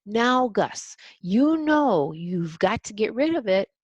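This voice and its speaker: A man's voice: sits high, very animated, takes it slowly, no echo, highs cut off, voice pushed up, heavily acted. A woman reading a storybook aloud, voicing a grumpy, demanding older man who runs a museum. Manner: gruff, demanding.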